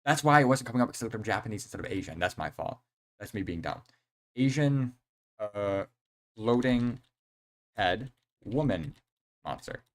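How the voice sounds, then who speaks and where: On a live game stream, a young man with a slightly low voice chats casually, wandering from one thought to the next. He excites easily and relies on slang and filler words, speaking at a normal speed with long pauses.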